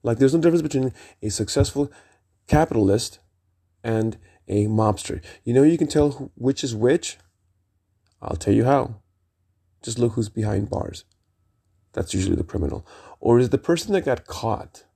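A middle-aged man with a gravelly, dark voice tells a rambling personal story on his vlog. He talks emphatically, wanders off on tangents, and swears freely. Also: mid-range voice, expressive, moderate pace, pauses often. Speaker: vlogger.

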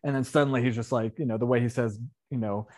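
A podcast host, a man with a medium-pitched, darkish voice, keeps a steady tone while talking fast. He rambles through a casual movie review chat, full of fillers and self-corrections.

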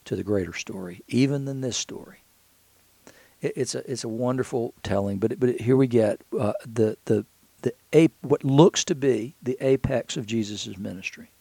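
A man's voice: on the low side, gravelly, mellow, breathy edge, no room sound. A man teaching scripture in a conversational way, thinking aloud with frequent restarts and repeated words.

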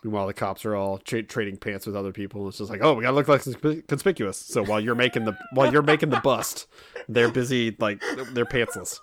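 A man's voice: mid-range voice, fast, a bit bright. A man hosting a casual conversation, joking and laughing often, acting out silly voices. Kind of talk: casual chat.

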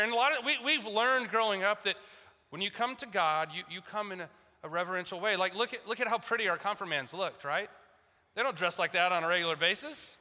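Bright-voiced pastor in a reverberant church. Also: male voice, high voice. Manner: conversational, repeats words at restarts, acts out voices of biblical figures. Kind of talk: sermon. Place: church sanctuary.

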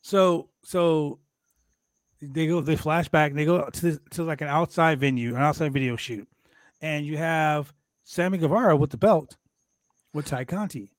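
A man with a slightly raised voice recaps wrestling in loose, animated chat. He swears often and acts out what the wrestlers said. The sound is close and dry. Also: fairly high pitch, moderate pace, no echo. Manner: animated, profane, acts out quotes from the show. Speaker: podcast host recapping wrestling.

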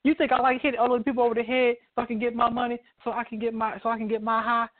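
A man voicing a brash, pushy male crackhead hustler, shouting fast. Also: very high voice, little pitch movement, pitched above the performer's own voice. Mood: pleading. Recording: dry tinny phone line.

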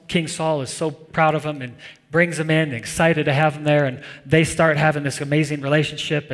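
Male pastor, slightly high voice, conversational animated sermon, long hall reverb.

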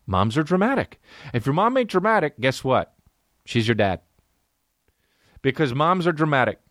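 A young man hosting a solo comedy podcast, rambling through stories with heavy swearing. His pitch swings widely as he talks, and the sound is close and dry. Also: very animated, moderate pace, fairly bright tone, no room sound. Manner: profane, rambling storytelling. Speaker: podcast host.

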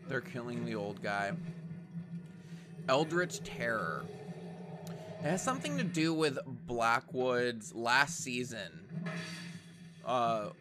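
A man's voice: medium pitch, expressive, slow pace, pauses often. A man giving chatty, wisecracking commentary while watching a show and talking back at the screen. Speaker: reaction commentator. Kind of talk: casual commentary over a show.

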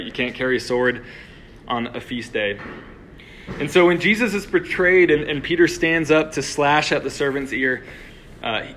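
A man's voice: medium pitch, fairly bright tone, a little hiss or hum. A young man giving a conversational sermon to a room of listeners, full of "like" and restarts. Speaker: preacher. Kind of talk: casual sermon. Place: room with a live audience.

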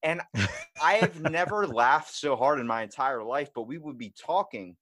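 A man hosting a podcast, telling stories in an animated, rambling way, full of "like". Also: mid-range voice, moderate pace, no echo. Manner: rambling, animated storyteller, many "like"s. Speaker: podcast host. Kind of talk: casual podcast chat.

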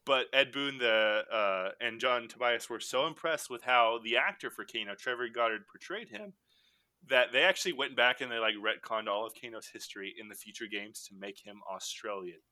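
Male podcast host, bright and punchy tone, dry close mic, playful and chatty. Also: mid-range voice, moderate pace, dry recording. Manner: animated, laughing, jokey asides. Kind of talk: casual movie-rewatch chat.

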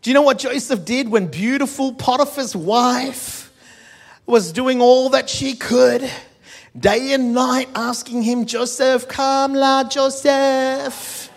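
A man's voice: extremely high pitch, a little slow, gravelly. A male pastor preaching a sermon, urging the congregation with call and response and joking asides.

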